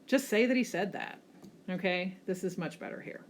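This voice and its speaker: A woman teacher giving a classroom lecture over slides, often checking in with a quick "okay?" and pushing hard on key words. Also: fairly low pitch, a little hiss or hum. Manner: frequent checking "okay?" tags, lively emphasis.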